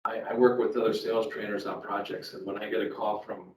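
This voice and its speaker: Brisk and flat in delivery, this middle-aged sales trainer speaks with a fairly low voice at a live seminar, chatting conversationally and repeating words through personal anecdotes. The background is noisy, and the echoey room, distant mic and faint ambience are audible.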